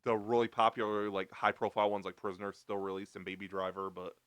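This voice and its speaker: A man's voice: fairly low pitch, level tone, fast talker, fairly bright tone, clear, resonant tone, no room sound. A man co-hosting a podcast, chatting casually in an easygoing way, full of "like" and "uh". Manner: easygoing, heavy use of "like" and "uh". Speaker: podcast co-host. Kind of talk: casual chat reviewing a show.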